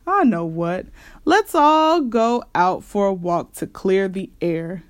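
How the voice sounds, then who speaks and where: A woman's voice: medium pitch, expressive, slow pace. A woman doing a blustering father bear. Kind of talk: storybook read-aloud.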